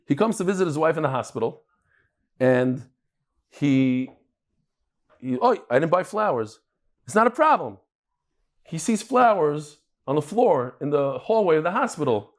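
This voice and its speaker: Male Talmud teacher, slightly high, chatty storyteller with a live group. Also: lively intonation, moderate pace, pauses often. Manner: joking, storytelling, chatty with laughs. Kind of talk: daf yomi lecture with jokes and stories.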